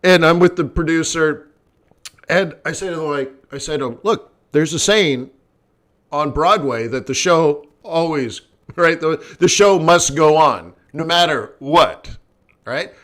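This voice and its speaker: A man with a slightly high voice hosts a live trading stream and talks straight to his viewers. He tells his stories in a loose, animated way and acts out the people he quotes, sometimes jumping up to a near shout. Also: measured pace. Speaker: forex trading host. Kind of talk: live stream chat and storytelling.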